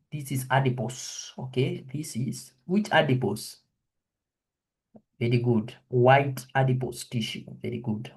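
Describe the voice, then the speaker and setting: Husky man quizzing anatomy students. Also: mid-range voice, warm tone. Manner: quizzing students, repeats questions and answers. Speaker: anatomy lecturer. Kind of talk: online histology review lesson.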